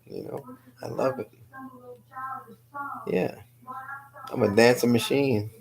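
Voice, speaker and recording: A woman's voice: a bass voice, fairly even intonation, slow, creaky, a crowd in the background, rough recording. A woman from New City, chatting casually as a guest on a live stream, laughing often and answering viewers by name. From New York City. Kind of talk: casual chat, reading viewer comments aloud.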